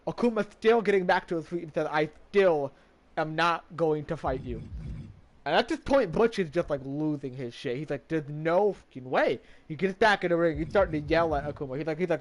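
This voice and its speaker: Lively high-voiced male streamer. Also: a little hiss or hum. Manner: rambling, restarts, casual swearing. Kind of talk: casual game story recap.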